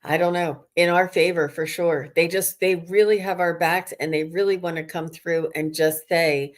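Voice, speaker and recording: A woman's voice: on the low side, fairly even intonation, normal speed. A woman hosting a psychic livestream, chatting casually and enthusiastically over a video call and greeting viewers. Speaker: psychic medium host.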